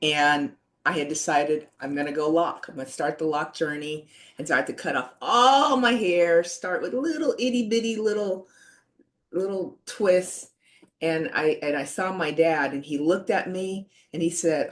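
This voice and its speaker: An older woman in her sixties speaks from a video call, with a voice that sits a little on the low side. She tells her story in an earnest, halting way, circling back with "you know" and small restarts. Her delivery feels reflective and personal. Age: 60s. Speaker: panelist sharing a personal story.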